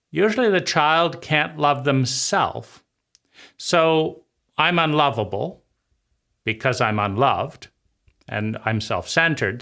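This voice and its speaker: Bright-voiced man musing on self-worth. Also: mid-range voice, creaky. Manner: repetitive, emphatic phrasing, speaking as a child's inner voice. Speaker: channel host. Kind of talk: reflective personal-growth monologue.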